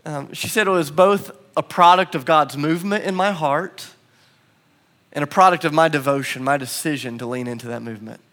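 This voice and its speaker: Earnest young male preacher, fairly high voice. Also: brisk, a bit bright. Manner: earnest, personal storytelling with emphatic swells. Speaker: pastor. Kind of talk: sermon. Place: church sanctuary before a congregation.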